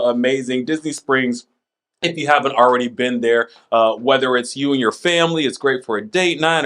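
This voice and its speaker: A man's voice: medium pitch, a bit bright. A man hosting a casual chat, reading items aloud with playful asides and laughs. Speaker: podcast host.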